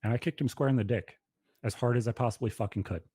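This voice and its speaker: A man's voice: medium pitch, fast, warm tone, husky, no room sound. A man in his thirties telling a personal story on a podcast in a blunt, profane, emphatic way. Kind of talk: casual podcast conversation.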